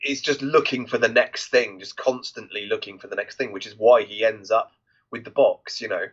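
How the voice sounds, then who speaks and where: A man with a husky voice chats casually as a co-host on a film podcast. The recording sounds dull and lo-fi. He talks haltingly, often restarting mid-sentence as he reaches for his point. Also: fairly low pitch, fairly even intonation. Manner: halting, many restarts while searching for words.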